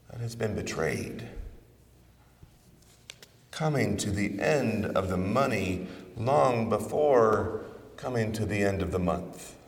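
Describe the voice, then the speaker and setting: A man preaching a sermon in the form of a conversational prayer, measured, with dramatic pauses. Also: on the low side. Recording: roomy reverberant hall, voice from a distance.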